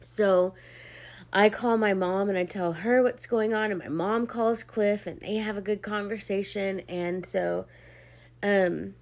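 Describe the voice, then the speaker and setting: A woman's voice: medium pitch, steady tone, measured pace, a little mellow. A young woman telling a personal testimony to camera in a casual, chatty way, full of "like" and "um", who gets emotional as she speaks. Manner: chatty, heavy on "like" and "um", acts out quoted dialogue. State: emotional, near tears at points. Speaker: vlogger sharing a personal testimony.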